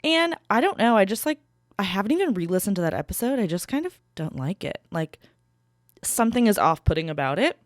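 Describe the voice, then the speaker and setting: A woman's voice: mid-range voice, big pitch swings, a little fast, no room sound. A young woman hosting a solo podcast, chatting in a rambling casual way with lots of fillers, recorded in a small studio. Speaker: podcast host. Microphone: studio mic.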